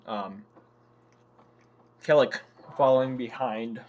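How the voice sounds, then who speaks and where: A young man with a medium-pitched voice narrates a tabletop game as its game master. His delivery is halting, full of pauses, fillers and restarts.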